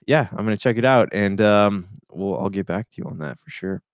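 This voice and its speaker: A man's voice: on the low side, a little fast, no echo, studio quality. A man co-hosting a casual movie review chat, laid-back and hesitant, often saying "man". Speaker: movie podcast co-host.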